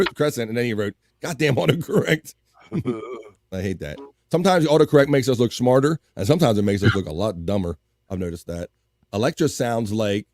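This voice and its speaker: A man's voice: mid-range voice, a little mellow, no room sound. A man with a Baltimore accent hosts a live stream show, chatting loosely, laughing a lot and cursing casually. His voice sits in a middle register and sounds dry and close to the mic. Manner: laughs often, swears casually. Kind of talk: casual chat.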